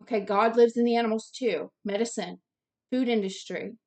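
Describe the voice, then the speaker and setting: A woman's voice: a little high, steady tone, normal speed, a little mellow. A woman teaching the Bible, reading scripture aloud and breaking off into direct, earnest commentary, sometimes stumbling over long words.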